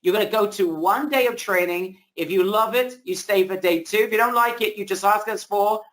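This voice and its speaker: A man hosting a webinar, giving a pushy, excited sales pitch over a video call while his voice is wearing out. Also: brisk. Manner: hyped, pushy salesman hype. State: losing his voice. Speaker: webinar host. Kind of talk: hard-sell webinar pitch.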